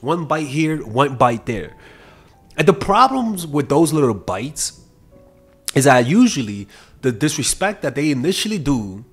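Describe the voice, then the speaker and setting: A man coaching on dating, telling blunt stories and giving advice in a casual, profane way. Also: mid-range voice. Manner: blunt, profane storytelling with lively swings.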